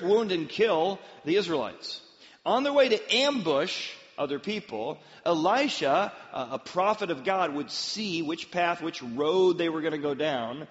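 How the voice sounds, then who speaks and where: A man's voice: high voice, fairly bright tone. Male pastor, dramatic storytelling sermon, dull reverberant hall recording.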